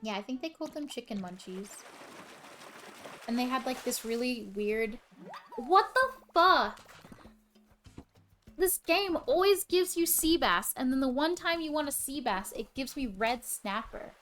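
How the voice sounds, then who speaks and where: A woman chatting casually and swearing freely as she reacts out loud to a video game on a live stream. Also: fairly high pitch, expressive, moderate pace, soft background music.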